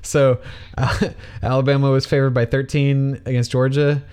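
A man's voice: mid-range voice, level tone, normal speed, a little mellow, smooth. A man with an ordinary mid-range voice leads the podcast in a laid-back way. He laughs easily as he moves the talk along. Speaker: podcast host. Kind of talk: casual chat.

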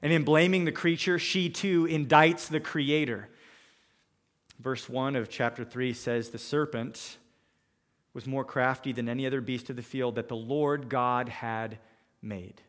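A man's voice: mid-range voice, steady tone, unhurried, fairly bright tone, in a large hall. A man preaching a sermon, walking through scripture verse by verse and voicing the characters in his own paraphrases. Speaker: pastor.

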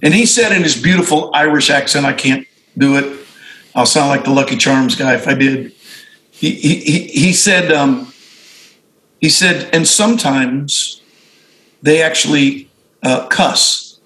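A man's voice: medium pitch, normal speed, fairly bright tone, echoey room, poor audio. A middle-aged male pastor telling stories in a reflective conversation, often restarting and correcting himself. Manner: reflective storytelling with frequent restarts and self-corrections. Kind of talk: conversational discussion among fellow pastors.

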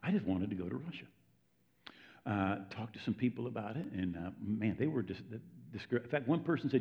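A man's voice: on the low side, animated, a little fast. A man preaching a sermon in a conversational, storytelling way, often checking in with his listeners. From United States. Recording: dull lo-fi recording.

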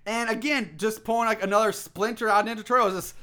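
A man's voice: high-pitched, fairly even intonation, fast, sharp tone. A man co-hosting a casual podcast, recapping a film plot in a rambling, profane way with lots of restarts. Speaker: podcast co-host.

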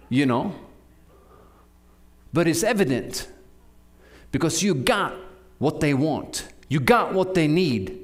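A man from Norway preaching a sermon, urging his listeners with animated delivery and frequent restarts. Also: medium pitch.

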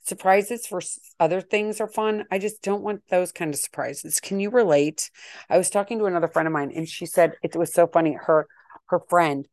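Woman, middle-aged, podcast host, chatty and self-deprecating, lower pitch, dry close mic. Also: normal speed, darkish tone, no echo. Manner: chatty, rambling, self-deprecating, acts out quoted exchanges. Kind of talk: casual solo podcast monologue.

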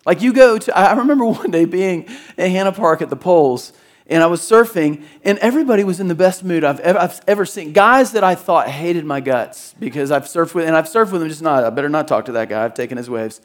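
A man's voice: high-pitched, expressive, fairly quick. A middle-aged man from the Jacksonville, Florida area, preaching a sermon in a conversational, storytelling way and acting out voices in his anecdotes. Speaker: pastor.

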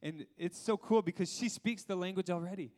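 A man in his thirties preaching a lively sermon, laughing often and asking the congregation questions. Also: high voice, a little fast. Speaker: pastor.

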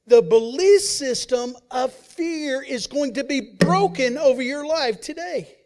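A male pastor delivers a sermon in a very high-pitched voice, moving slowly and barely pausing. He alternates between loud emphasis and hushed asides, and he performs the voices of the people he quotes.

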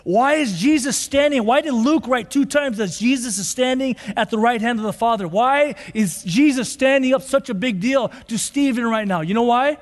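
A man preaching a sermon as pastor, passionate, rising to shouts when he quotes scripture. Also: extremely high pitch, normal speed, hardly any pauses. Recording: long hall reverb.

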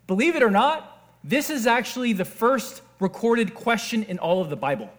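A male pastor delivers a sermon in a lively way, stopping often to put questions to his listeners. His speaking voice sits very high for a man. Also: normal speed. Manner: animated, asks the audience questions.

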